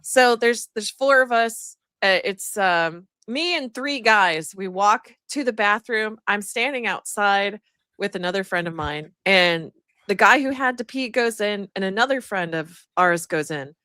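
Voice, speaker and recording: A woman's voice: mid-range voice, lively intonation, unhurried, pushed and bright, clean tone, dry recording. A woman guest on a livestream telling a funny story in a rambling casual way, with lots of fillers and laughter. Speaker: guest streamer.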